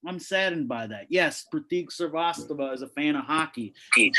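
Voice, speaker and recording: A man performs stand-up from his home over a video call, his voice sitting a little high. He punches out brash, swearing jokes in a quick rhythm. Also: expressive, pushed and bright, poor audio. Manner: brash, punchy joke delivery with frequent swearing. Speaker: stand-up comic. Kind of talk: stand-up set at an online open mic. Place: home, indoors on carpet.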